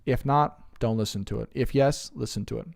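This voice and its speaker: A young man on a live stream answering viewers' questions as a spiritual reader, earnest and rambling, getting animated when he retells stories. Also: medium pitch, brisk, gravelly. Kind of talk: casual live stream chat.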